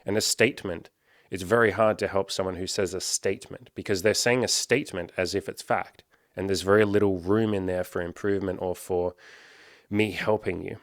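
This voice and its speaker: A man's voice: low-pitched, fairly even intonation, brisk, no room sound, studio quality. A man working as a life coach, talking straight to camera in a casual, candid monologue, swearing freely and acting out the people he quotes. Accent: Australian. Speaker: life coach and content creator.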